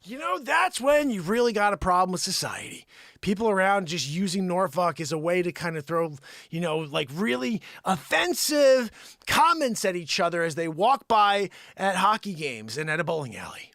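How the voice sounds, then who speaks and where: A man hosting an improvised comedy news segment, yelling at an unseen listener and then dropping to mutters. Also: high-pitched, lively intonation, moderate pace, no echo, clean studio sound. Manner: yells at an unseen listener, swinging from shouts to mutters. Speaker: comedy show host.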